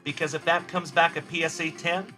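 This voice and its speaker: Upbeat, bright-voiced man hosting a livestream. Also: fairly high pitch, little pitch movement, a little fast, faint music behind. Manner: upbeat and friendly, calling viewers buddy and brother. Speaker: host of a card-breaking livestream. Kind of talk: live stream chat, reading viewer comments.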